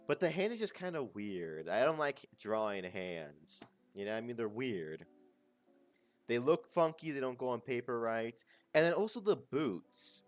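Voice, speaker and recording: A man chatting casually to his stream as he draws, rambling, muttering and swearing. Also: fairly low pitch. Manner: rambling, muttering to himself, crude slang. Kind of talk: casual chat while drawing.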